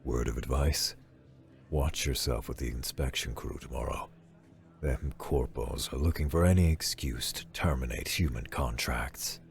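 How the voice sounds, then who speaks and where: A gruff, world-weary welder in his fifties, voiced by a man, speaks low and deep in a slow, blunt mutter. He sounds like a seasoned worker handing out warnings to a younger man across a table in a narrated story. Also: lively intonation, darkish tone, exaggerated voice. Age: 50s.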